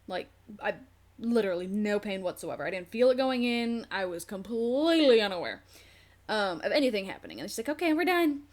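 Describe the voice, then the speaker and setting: A woman's voice: medium pitch, sing-song, fairly quick, darkish tone. Candid young woman vlogger swearing freely. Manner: candid, frank, swears freely, many fillers; acts out quoted nurses and herself. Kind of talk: casual storytelling.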